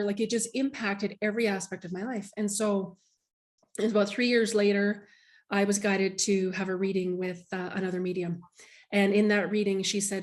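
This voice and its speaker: A woman's voice: mid-range voice, level tone, normal speed, darkish tone. A woman guest, a medium, telling an emotional personal story in an interview, heartfelt and earnest with many restarts.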